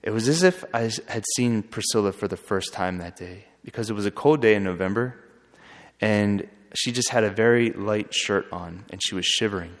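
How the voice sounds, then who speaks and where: A man who is a friar, telling a story in an earnest, halting way with frequent restarts. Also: fairly low pitch. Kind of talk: storytelling talk. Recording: long hall reverb.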